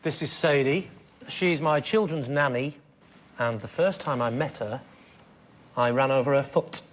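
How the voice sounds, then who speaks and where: A man's voice: mid-range voice, a little slow. A man from England, a panel show team captain, bantering in a wry, self-mocking way. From northern England. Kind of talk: joking banter. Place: TV studio. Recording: loud studio background noise.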